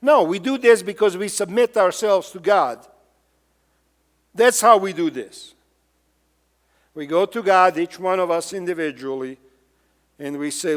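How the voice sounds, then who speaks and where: High-voiced man preaching in an echoey hall. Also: measured pace, long pauses. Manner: emphatic preaching with repeated rhetorical questions. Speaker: pastor. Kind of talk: sermon. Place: church sanctuary.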